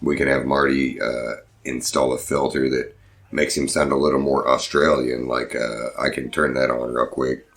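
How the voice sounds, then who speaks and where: A man's voice: extremely low pitch, little pitch movement, normal speed, a bit bright. A man co-hosting a podcast in casual chat, joking in a dry, sarcastic way. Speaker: podcast co-host.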